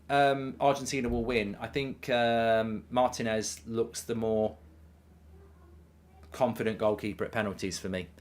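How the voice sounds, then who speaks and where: Chatty man hosting a live stream. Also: medium pitch. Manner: chatty, reads chat messages aloud, frequent ums. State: hiccups. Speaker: watchalong streamer. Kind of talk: casual live-stream chat.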